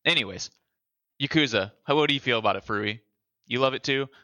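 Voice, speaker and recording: A young man talks in an animated, loose way, swearing freely and laughing easily. His voice is bright and forceful. The sound is dry and close. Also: mid-range voice, brisk, dry recording. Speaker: podcast co-host. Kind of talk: casual chat.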